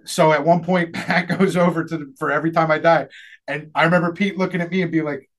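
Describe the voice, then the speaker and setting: Young male podcast host, high-pitched, lively and profane. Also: quick pace. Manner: animated, laughing, swearing storyteller. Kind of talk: casual storytelling chat.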